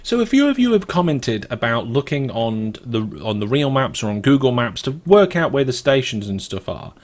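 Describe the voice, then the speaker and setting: A man's voice: medium pitch, sing-song, normal speed. A British man hosting a let's play, giving casual gameplay commentary as he thinks aloud in a wandering, chatty way.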